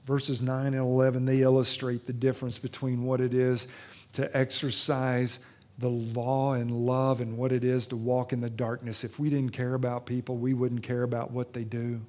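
A man preaching a sermon in a church, retelling a Bible story with dramatic swings between loud emphasis and hushed tenderness. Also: mid-range voice, monotone, moderate pace. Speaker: pastor.

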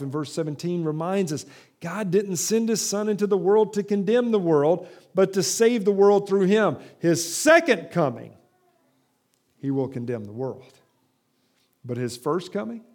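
A man preaching a sermon in a fairly high voice. He swings between emphatic, raised lines and slow, hushed stretches. He often reads scripture aloud. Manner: emphatic preaching with sudden drops to slow, quiet delivery. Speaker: pastor.

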